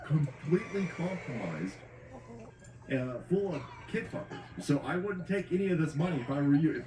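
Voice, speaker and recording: A man's voice: a little high, sing-song, moderate pace, warm tone, slight background noise. A man ranting in profane, indignant reaction commentary as host, recorded at a poultry farm. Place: farmyard with poultry. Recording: echoey, distant mic, chickens clucking behind.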